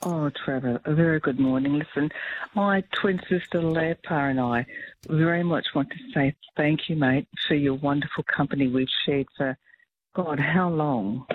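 Man, radio caller, effusive, repetitive, higher voice, tinny phone sound. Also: normal speed, slight background noise. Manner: effusive, thankful, repeats himself. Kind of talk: phone-in call.

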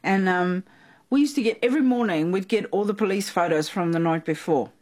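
A South African woman, a guest in a conversation, telling stories in an animated way, acting out quotes and laughing often. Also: fairly low pitch, brisk. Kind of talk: conversational storytelling.

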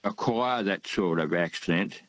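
A man's voice: deep voice, a little slow, no room sound, highs cut off. An older man, calling in to a radio talk show and rambling with many fillers and hesitations. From Australia. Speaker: radio caller. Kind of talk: casual phone-in chat.

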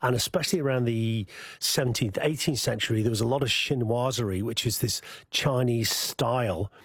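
A man's voice: medium pitch, moderate pace, slightly rough, dry recording, studio quality. A man with a Scouse accent, a chef chatting about cooking as a guest on a radio show, explaining at length with fillers and restarts. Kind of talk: casual cooking chat on radio.

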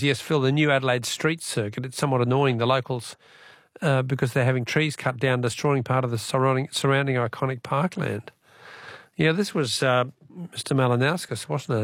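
A man's voice: mid-range voice, creaky, a bit bright, no echo, studio quality. An Australian man hosting a talkback radio quiz, chatty and matey, reading out listener texts.

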